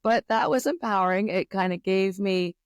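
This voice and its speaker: A middle-aged Canadian woman with a Canadian accent, a podcast guest telling family stories in a thoughtful, unhurried way with many fillers. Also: medium pitch, smooth, no echo, studio quality. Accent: Canadian English. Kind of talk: reflective interview storytelling.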